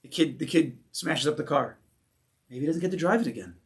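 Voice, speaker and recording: A rabbi teaching a conversational Torah class, animated, acting out stories and asking rhetorical questions. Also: male voice, a little high, brisk.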